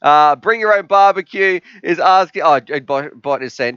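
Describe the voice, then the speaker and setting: A man's voice: fairly high pitch, animated, normal speed, a bit bright, smooth, dry recording, lo-fi sound. A man hosting a live stream, chatting casually and joking while reading viewer comments. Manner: chatty, joking, rambling with fillers.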